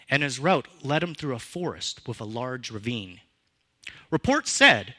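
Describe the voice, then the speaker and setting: A man preaching a sermon as pastor, with expressive, emphatic delivery that rises and falls in pitch and loudness.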